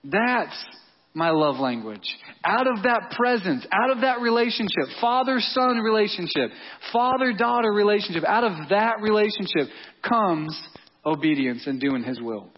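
A male pastor with a high, husky voice preaches in a conversational, emphatic way and circles back to key words. The audio is dull and lo-fi. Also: animated, normal speed. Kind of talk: sermon.

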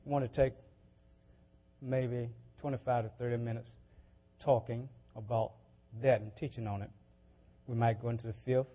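A man's voice: mid-range voice, steady tone, moderate pace, pauses often. A man preaching a sermon, talking in a loose, conversational way, often repeating words and restarting. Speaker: pastor. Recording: dull lo-fi church audio.

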